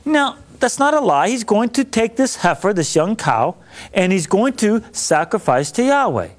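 A man's voice: sits high, big pitch swings, moderate pace. A man who is a priest giving a Bible lesson, teaching in an enthusiastic, conversational way.

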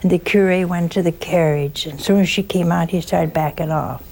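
A woman who is a nun, giving a storytelling sermon, slow and emphatic, with rhetorical questions and folksy asides. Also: fairly low pitch, fairly even intonation, vocal fry, darkish tone, slight background noise.

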